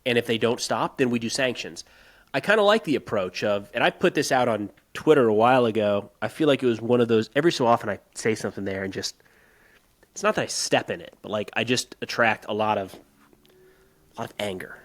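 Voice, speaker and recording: A man's voice: lowish voice, brisk. Emphatic man co-hosting a political talk. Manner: animated, rising to emphatic outbursts when ranting; conversational with frequent restarts. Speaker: podcast co-host. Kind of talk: casual political discussion.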